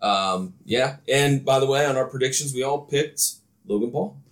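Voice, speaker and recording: A man's voice: mid-range voice, normal speed. A man hosting a casual podcast, steering the talk and asking his co-hosts for their ratings. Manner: runs the segment, asks co-hosts for ratings. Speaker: podcast host. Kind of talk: casual chat.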